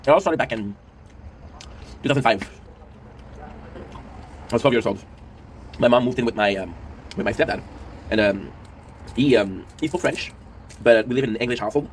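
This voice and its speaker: A man's voice: medium pitch, moderate pace, pauses often, slight background noise. A man in his thirties hosting a casual commentary show, rambling emotionally with lots of fillers and swearing. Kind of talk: casual chat to camera.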